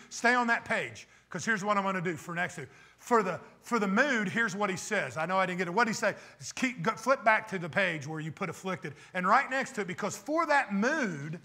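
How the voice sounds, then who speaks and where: High, bright-voiced preaching pastor. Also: male voice. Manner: emphatic, rhetorical questions to the congregation. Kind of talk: sermon.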